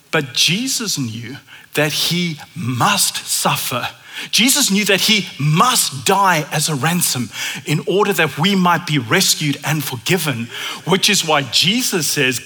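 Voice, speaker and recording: A man delivers a sermon in a church with a chatty, animated manner. His voice sits fairly high and sounds very bright and sharp. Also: unhurried. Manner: conversational, animated storytelling. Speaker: preacher.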